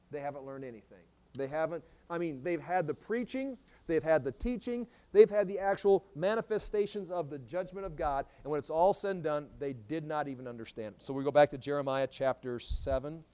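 A man teaching through a Bible passage verse by verse, reading scripture aloud with emphasis and then explaining it in plain, conversational asides, slowing down to stress key phrases. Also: on the high side, dark tone.

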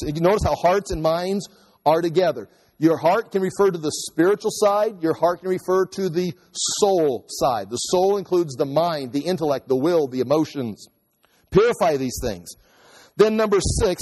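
Male pastor, high voice, chatty sermon with restarts, long hall reverb. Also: a little mellow. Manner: conversational, repeats and restarts, acts out inner voices.

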